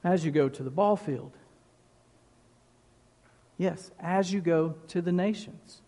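A male pastor delivers his sermon at an unhurried, emphatic pace, repeating key phrases for weight. His voice sits a little high for a man. The sound carries a long reverb, as in a large church hall. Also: dark tone.

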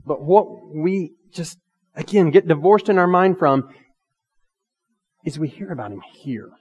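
A man's voice: fairly high pitch, animated, breathy edge, muffled recording. Preaching man in a reverberant hall. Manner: swings between loud emphatic lines and quiet asides; reads scripture aloud slowly and earnestly. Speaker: pastor. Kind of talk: sermon. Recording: long reverb of a large hall.

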